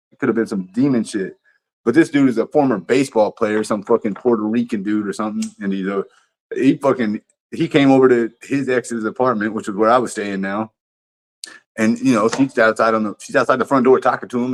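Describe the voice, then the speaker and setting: A man on a livestream tells a story casually in an ordinary middle-pitched voice. His delivery is profane and animated, and he rambles and restarts his sentences often.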